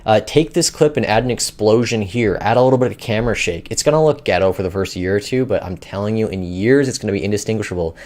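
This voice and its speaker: A man's voice: lowish voice, fast, hardly any pauses, a little mellow. A man hosting a finance news show, talking in loose, rambling casual commentary with many fillers.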